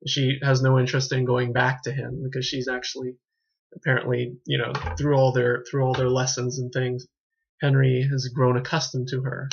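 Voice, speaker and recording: Male reviewer, husky, rambling, self-correcting; dull lo-fi home recording. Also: mid-range voice, completely flat delivery, normal speed. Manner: rambling, self-correcting, trips over words. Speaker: film reviewer. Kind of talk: casual unscripted review.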